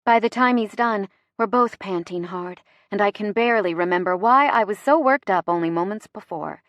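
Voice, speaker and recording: A woman narrating a first-person romance audiobook in an expressive, playful way. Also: medium pitch, normal speed, dry recording.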